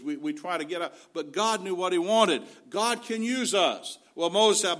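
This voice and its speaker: A man's voice: high voice, expressive, normal speed, few pauses, a bit bright. A man preaching a sermon in an earnest, folksy way, weaving in scripture.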